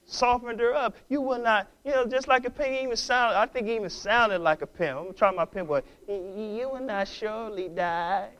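A man pastor preaching a sermon, exhorting his congregation, repeating and restarting words and building to loud, passionate stretches. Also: very high voice, fast, few pauses.

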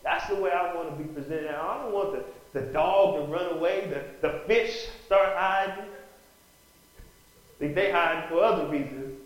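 Male pastor mid-sermon, higher-pitched voice, calls out "Amen?" to the flock, heavy room echo. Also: normal speed. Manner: preaching with call-outs of "Amen?" and rising bursts of emphasis. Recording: very echoey room.

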